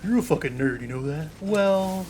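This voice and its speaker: A young man with a slightly high voice gives casual gameplay commentary, cracking jokes and swearing as he banters with the characters on screen. A steady hiss of background noise runs under his voice. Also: normal speed. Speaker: gameplay streamer.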